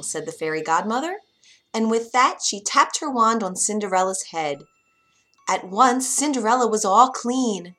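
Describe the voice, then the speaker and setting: A woman narrating a children's fairy tale in an expressive storytelling voice. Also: medium pitch, normal speed. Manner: expressive, does character voices. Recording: faint music behind.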